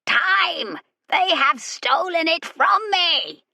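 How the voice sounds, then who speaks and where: Woman putting on a vengeful ancient alien, slow anguished bellow, bright tense tone, dry close sound. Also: extremely high pitch, sing-song, vocal fry, no echo, pitched above the performer's own voice, exaggerated voice. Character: huge ancient alien machine-being, vengeful.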